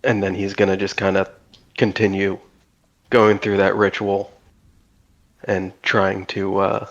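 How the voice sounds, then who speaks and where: Flat-voiced male player, full of fillers. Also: low voice, measured pace, dull audio. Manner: hesitant, lots of fillers. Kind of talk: describing his character's actions in a tabletop game.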